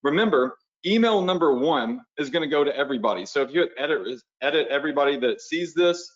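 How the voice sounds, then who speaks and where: A man's voice: on the high side, lively intonation, fast. A man teaching a live online webinar, talking viewers through steps casually and checking in with "right?". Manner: casual, talks the viewers through steps while drawing on screen; conversational, uses "y'all" and "right?". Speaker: online business coach. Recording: slightly dull lo-fi webinar audio.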